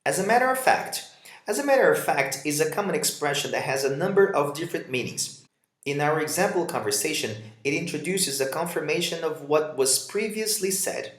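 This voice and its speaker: Animated male English teacher, roomy sound. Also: on the high side, a little fast. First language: Portuguese. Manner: reads example dialogues and explains them, switching to Portuguese for translations. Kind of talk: vocabulary lesson.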